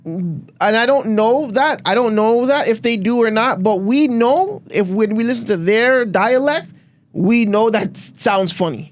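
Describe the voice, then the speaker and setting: A high-pitched man with a Toronto accent joins a podcast debate. He backs up the others with quick agreement and adds points of his own. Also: animated. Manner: agreeable, interjects with backing remarks.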